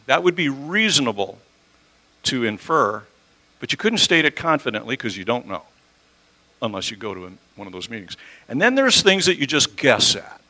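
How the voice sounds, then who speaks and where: A very animated pastor with a medium-pitched, bright and forceful voice preaches an expository sermon at a normal pace in a church sanctuary. He keeps things conversational and asks the audience questions. The audio is rough.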